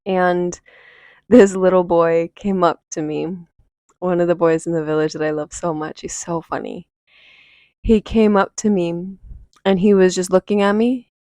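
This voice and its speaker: Woman podcast host with a slightly low voice and a dry sound, casual and reflective, fillers throughout. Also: steady tone, measured pace, dark tone, no echo. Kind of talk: personal storytelling.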